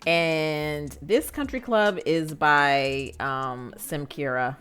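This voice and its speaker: A woman's voice: low voice, extremely slow, a bit bright, clean tone, faint music behind. A woman giving casual, chatty gameplay commentary, with lots of fillers and frequent laughter. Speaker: Sims gameplay narrator.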